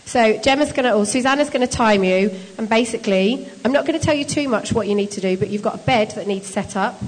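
Brisk, teasing woman in a hall. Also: fairly high pitch. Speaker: shelter volunteer leader running a bed-making activity. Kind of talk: casual instructions to a group.

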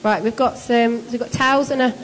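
A woman with a fairly high voice talks briskly, giving out tasks and teasing the people she is guiding in a casual, encouraging way. Her voice carries a long reverb, as if recorded from across a large hall. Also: steady tone. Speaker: shelter volunteer leader running a bed-making activity. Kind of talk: casual instructions to a group.

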